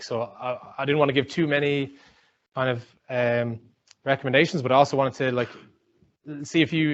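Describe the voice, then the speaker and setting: An Irish man in his young adult years talks fast and loosely, with plenty of fillers and restarts. The sound is dull and lo-fi. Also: medium pitch. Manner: rambling, chatty, many fillers and restarts. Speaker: speaker giving a talk. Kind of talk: informal talk with anecdotes.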